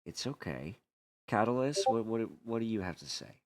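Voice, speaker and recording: A man voicing a patient, fatherly male adventurer who speaks in a gentle, halting way with many fillers. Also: fairly low pitch, sing-song, pitched above the performer's own voice.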